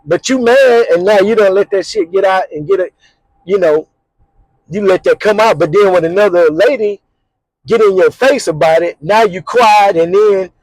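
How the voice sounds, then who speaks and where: A middle-aged man hosting his vlog, telling a story casually in an animated, slangy way, repeating words and little sound effects. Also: sits high, normal speed, dry recording, low-quality recording. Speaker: vlog host.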